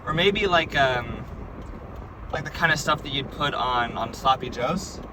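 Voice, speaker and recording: A man's voice: mid-range voice, unhurried. A man casually telling a dream, rambling and filling his talk with like and right?. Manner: rambling, full of likes and right?s. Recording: distant mic, loud background noise.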